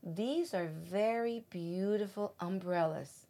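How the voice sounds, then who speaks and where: Gracious, curious king in a read-aloud picture book, unhurried, voiced by a woman. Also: mid-range voice. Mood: kindly. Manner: gentle, slow storybook reading.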